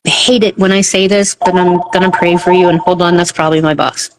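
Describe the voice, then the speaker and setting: A woman friend in casual chat on a call, sympathetic and quick to laugh. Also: fairly low pitch, fairly even intonation, background noise.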